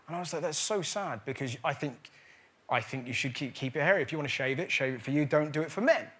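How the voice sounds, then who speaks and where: A man's voice: on the high side, a bit bright, breathy edge. A man in his thirties with a Bristolian accent, chatting as a comedian guest on a talk show in a cheeky, rambling way. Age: 30s. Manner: rambling, cheeky, quick to joke. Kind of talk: chat-show banter.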